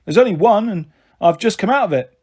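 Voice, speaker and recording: A man's voice: high voice, animated, a little fast, darkish tone, slightly rough, voice pushed up. A man voicing a grinning, overfamiliar stranger with a cheeky manner.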